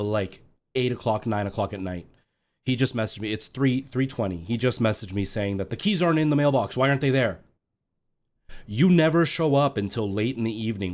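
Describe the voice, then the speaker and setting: A man's voice: fairly low pitch, slight background noise. A man live streaming and chatting casually to his viewers, ranting in exasperation as he talks straight to them over a headset mic.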